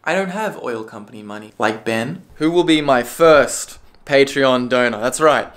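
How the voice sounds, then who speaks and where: A man's voice: medium pitch, expressive, moderate pace, hardly any pauses. Sarcastic, swearing male ranter. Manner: sarcastic, profane, bursts into yelling. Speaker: political commentary video creator. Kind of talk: ranting commentary.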